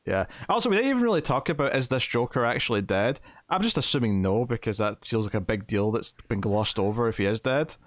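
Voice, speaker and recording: A man on a podcast with a dry, teasing sense of humour. He reviews comics in a relaxed chat at a medium pitch. The sound is close and dry, with no room echo. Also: fast, few pauses. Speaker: podcast co-host.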